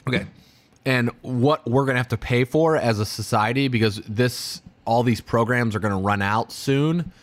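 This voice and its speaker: A man's voice: lowish voice, no room sound. A man in his thirties hosting his own podcast, talking casually and rambling with restarts and fillers. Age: 30s. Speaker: podcast host. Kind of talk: casual solo podcast monologue.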